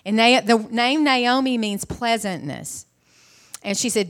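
A woman's voice: mid-range voice, measured pace, pauses often, fairly bright tone. Middle-aged woman preaching a chatty sermon. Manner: casual and chatty, with frequent restarts; clears her throat often. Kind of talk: Mother's Day sermon retelling a Bible story.

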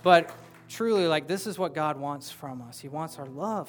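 A pastor delivering a sermon in a church, casual and animated as he jokes with the congregation. His voice sits somewhat high for a man. Soft music plays faintly behind him. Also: moderate pace, hardly any pauses. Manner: conversational and animated, with playful asides to the congregation.

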